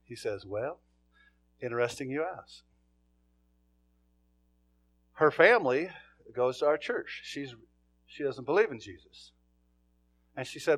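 A man preaching a sermon, telling stories in a folksy, plain-spoken way and swinging from quiet asides to loud calls. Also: fairly high pitch, expressive, moderate pace. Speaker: pastor.

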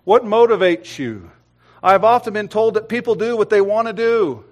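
A middle-aged man preaching a sermon, swinging between loud, emphatic lines and quiet, hushed ones. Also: high voice, moderate pace.

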